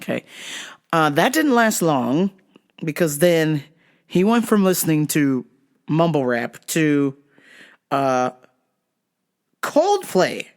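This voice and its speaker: A vlogger telling a casual, profane story in an animated way, acting out the people in it. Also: mid-range voice, slow pace, pauses often. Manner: animated and profane, acts out quotes.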